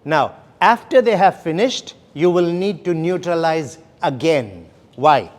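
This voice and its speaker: A man's voice: a little high, expressive, measured pace. A man leading a sales training session, explaining steps and often checking in with "okay?" and "right?". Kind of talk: classroom training lecture.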